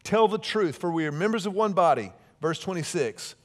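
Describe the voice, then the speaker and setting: Middle-aged guy preaching, chatty asides, kinda high voice. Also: animated, moderate pace. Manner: conversational preaching with warm asides and dynamic swings from loud to soft. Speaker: pastor. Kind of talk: sermon.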